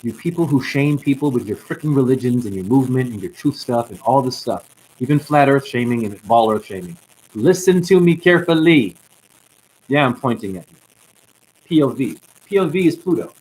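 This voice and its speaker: Animated man ranting about spirituality. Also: medium pitch, brisk, low-quality recording. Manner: ranting, calls listeners honey. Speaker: self-styled spiritual teacher. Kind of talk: impassioned spiritual monologue.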